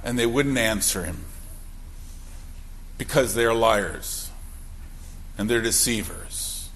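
A man's voice: medium pitch, takes it slowly, a bit bright. A man preaching a sermon as a pastor, emphatic and full of rhetorical questions.

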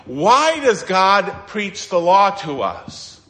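A man preaching a sermon as pastor, emphatic, with dramatic pauses and sudden quiet asides. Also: sits high, big pitch swings, big-room sound.

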